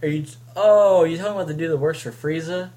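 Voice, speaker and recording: A man's voice: fairly high pitch, fast talker, mellow. A man in casual chat, chiming in with guesses and questions. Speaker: chat partner.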